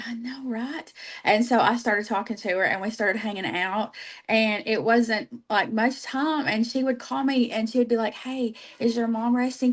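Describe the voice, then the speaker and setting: A woman talking casually and emotionally about her team and her products. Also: on the high side. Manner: heartfelt, emotional, storytelling. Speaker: team leader, guest. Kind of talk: casual livestream chat.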